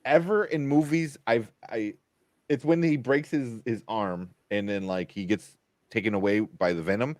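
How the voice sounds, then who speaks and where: A man's voice: lowish voice, normal speed, darkish tone, no echo. A man hosting a casual film podcast, rambling with many fillers and frequent laughs. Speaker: podcast host. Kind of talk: casual chat.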